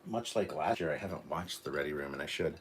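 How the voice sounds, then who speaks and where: Deep-voiced Canadian man chatting live. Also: quick pace, very noisy. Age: 40s. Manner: rambling, reads chat aloud, many ums. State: coughing. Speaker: livestream host. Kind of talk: casual live reaction chat.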